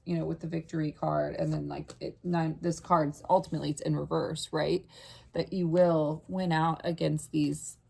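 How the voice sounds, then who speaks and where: Gravelly-voiced woman giving a rambling tarot reading. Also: low-pitched, slight background noise. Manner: rambling, filler-heavy, earnest and gentle. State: briefly emotional, voice catching. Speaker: tarot reader. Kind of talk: casual spiritual tarot reading to camera.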